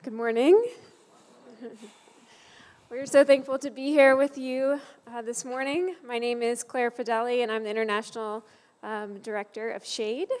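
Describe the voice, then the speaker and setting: Woman guest speaker at church, really high voice, friendly, echoey hall sound. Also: little pitch movement, moderate pace, a little mellow. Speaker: guest speaker, director of a ministry. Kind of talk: church greeting and introduction. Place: church sanctuary.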